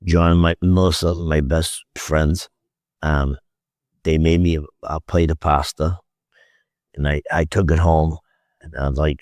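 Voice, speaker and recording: A man's voice: extremely low pitch, fairly even intonation, unhurried, pauses often, darkish tone, dry recording, clean studio sound. A man, a podcast guest, telling a rambling story in casual talk, stammering and repeating himself, acting out the quoted dialogue and swearing often.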